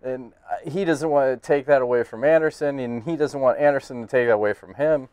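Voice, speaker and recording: A man's voice: mid-range voice, brisk, darkish tone, clean tone, no echo. A man co-hosting a casual podcast, talking bluntly with lots of swearing and laughing banter. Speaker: podcast host.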